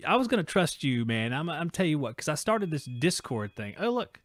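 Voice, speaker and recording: Man, call-in show host, jokey storyteller, fairly high voice, dry close sound. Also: brisk, dry recording. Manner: animated joking storyteller, acts out quotes and noises. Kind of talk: casual live-stream chat.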